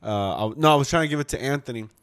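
A man guesting on a podcast in casual chat, an animated storyteller who acts out quotes. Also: medium pitch, very fast, clear, resonant tone.

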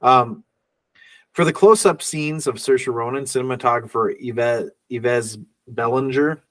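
A man's voice: mid-range voice, a little slow, fairly bright tone, far from the mic. A man co-hosting a casual film podcast, reading out trivia notes and laughing often. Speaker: podcast co-host.

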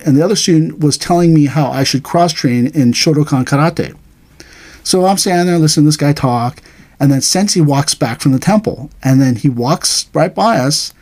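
Man with a fairly high voice, middle-aged aikido teacher, lively anecdotes, mimics voices. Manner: animated, acts out quoted voices, laughs through stories. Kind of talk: casual storytelling chat.

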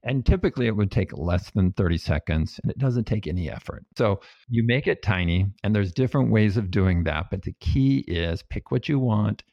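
A man with a low, gravelly voice lays out his ideas calmly and practically, now and then with a light playful touch. The recording is dry and close but a little dull and lo-fi. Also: normal speed, few pauses, no echo. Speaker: researcher and guest. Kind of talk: explaining in an interview.

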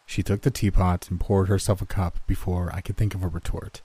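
Brief: male narrator, low and mellow, dry close sound, wry delivery. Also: flat delivery, moderate pace, husky, no room sound. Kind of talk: first-person story narration.

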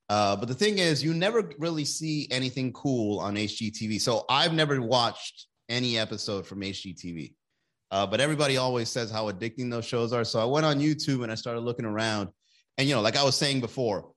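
A man's voice: mid-range voice, fairly bright tone. A man hosting a livestream, chatting casually with jokes and swearing. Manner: joking, profane, rambling. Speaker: livestream host.

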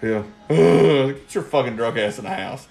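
A man's voice: mid-range voice, animated, measured pace, gravelly, darkish tone. Guy spinning cussing-heavy stories, laughs a lot, roomy echo around him. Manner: profane, rambling storytelling with lots of laughter. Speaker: guest storyteller. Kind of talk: casual podcast chat.

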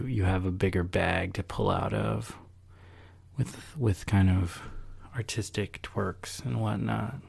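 A man with a low, very gravelly voice talks casually on his solo podcast. His tone is dark and mellow, and his speech wanders and reflects, with sighs and easy laughs. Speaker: podcast host.

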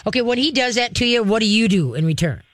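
A dog trainer hosting a call-in show, giving direct, practical advice and acting out calm commands to dogs. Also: medium pitch, quick pace, no echo.

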